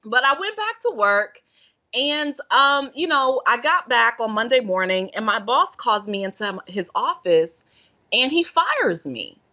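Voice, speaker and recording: Bright-voiced woman telling her story. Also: on the high side, a little slow, highs cut off. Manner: earnest, expressive storyteller who acts out her past thoughts. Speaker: podcast guest, self-care and meditation guide. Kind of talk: personal story told in conversation.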